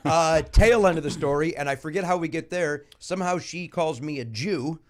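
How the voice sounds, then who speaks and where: A man hosting a casual comedy podcast, telling a story with lively acted-out dialogue. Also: fairly high pitch, moderate pace. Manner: animated storyteller, acts out both sides of a quarrel. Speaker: podcast host.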